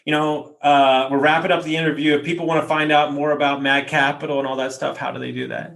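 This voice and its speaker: A man hosting a podcast interview, telling stories in a casual, animated way and dropping slang like dude. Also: a little high, quick pace, gravelly. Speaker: podcast host.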